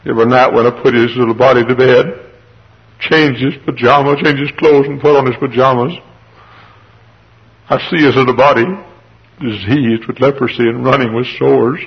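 A man's voice: fairly low pitch, fairly even intonation, measured pace, vocal fry, long pauses, slightly rough, full character voice. A man preaching in the voice of a leprous servant and father who blames himself for his children's disease, speaking a remorseful first-person lament. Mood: grieving. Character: grieving leprous male servant, guilt-ridden father. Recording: dull lo-fi sermon recording.

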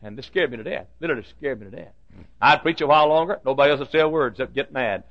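An older man, a pastor, telling a story from the pulpit with halting restarts and bursts of loud preaching. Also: medium pitch. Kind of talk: sermon storytelling. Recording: dull lo-fi sermon recording.

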